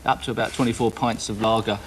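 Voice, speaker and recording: A man's voice: lowish voice, level tone, fast talker, slight background noise. Hesitant man telling an earnest story. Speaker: guest. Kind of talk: panel show anecdote.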